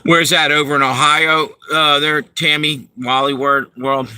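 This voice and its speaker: A man's voice: fairly high pitch, little pitch movement, measured pace, bright, forceful tone, smooth, no echo, rough recording. A man hosting a livestream and ranting angrily and profanely to his viewers while reading the chat. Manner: profane, heated, talks to viewers.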